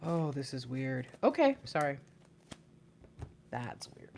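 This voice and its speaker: A young woman giving a live intuitive tarot reading into a plugged-in microphone, excitable and often repeating herself. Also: deep voice, moderate pace, pauses often, a little hiss or hum. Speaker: tarot reader.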